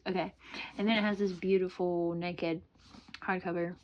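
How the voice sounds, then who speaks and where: A woman's voice: lowish voice, normal speed, dull audio. Giggly, gushing young woman book vlogger. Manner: excitable, gushing, giggly, rambling. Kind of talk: casual book collection showcase. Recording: noisy home recording.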